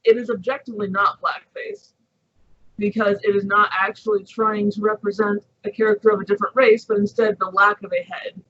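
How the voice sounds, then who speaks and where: High, bright-voiced man co-host. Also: level tone. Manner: steers the topic, measured and matter-of-fact. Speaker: podcast co-host. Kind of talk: casual chat. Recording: dull lo-fi sound.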